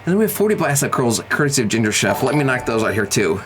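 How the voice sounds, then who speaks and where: A man's voice: medium pitch, sing-song, racing, music in the background, poor audio. A young man streaming live, chatting playfully with viewers and counting out workout reps. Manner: playful, joking with chat, counting out exercise reps. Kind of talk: casual live-stream chat.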